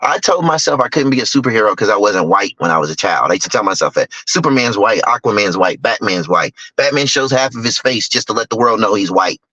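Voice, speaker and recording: Sharing personal stories as a guest speaker, this middle-aged investor is candid and emphatic, voicing other people's lines himself. He talks fast with few pauses in an expressive, lowish, sharp voice, captured in a dull, dry lo-fi recording without echo.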